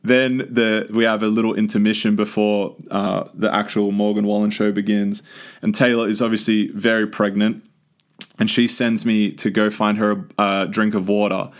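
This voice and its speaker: A man's voice: fairly low pitch, level tone, normal speed. A young man with an Australian accent, telling a rambling, enthusiastic story as a podcast host with lots of restarts. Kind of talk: casual storytelling monologue.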